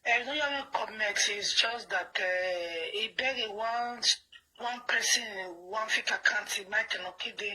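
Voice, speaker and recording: A furious caller with a Nigerian accent pushes her case with repeated, emphatic lines. Her voice is high and piercingly bright, sharp enough to cut through. She mixes English with pidgin as she insists on being heard. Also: measured pace, poor audio. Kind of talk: heated phone call.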